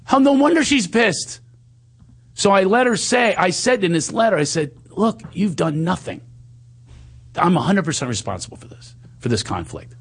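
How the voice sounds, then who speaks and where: A man candidly shares a personal story in conversation, speaking animatedly at a moderate pace with a breathy edge. He sometimes quotes himself in higher voices and goes low and soft at tender moments.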